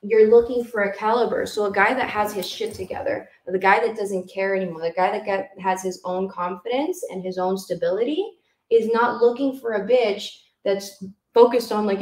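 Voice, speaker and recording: A woman's voice: medium pitch, fairly even intonation, moderate pace, echoey room, poor audio. A woman co-hosting a podcast in casual, blunt, profane chat, talking with emphasis. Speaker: podcast co-host.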